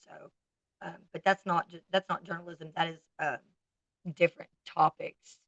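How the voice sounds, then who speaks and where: Blunt Southern woman with gravelly voice. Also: on the low side, steady tone, normal speed, fairly bright tone, no room sound, dull audio. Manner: blunt and candid, talks straight to viewers. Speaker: livestream host. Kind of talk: casual livestream chat.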